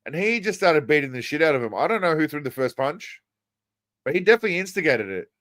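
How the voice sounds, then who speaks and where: A man's voice: fairly high pitch, very animated, quick pace, fairly bright tone, no echo. A man hosting a casual livestream, commenting on clips in a crude, mocking, rambling way. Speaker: livestream host.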